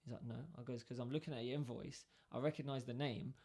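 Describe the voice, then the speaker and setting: A slightly rough, mid-range male voice talks fast through a workplace story in a casual chat. He performs both parts of the conversation with animation.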